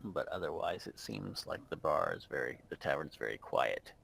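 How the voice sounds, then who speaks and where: A man narrating as game master over an online voice call, halting and full of fillers. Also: very deep voice, expressive, gravelly, fairly bright tone, breathy edge, low-quality recording.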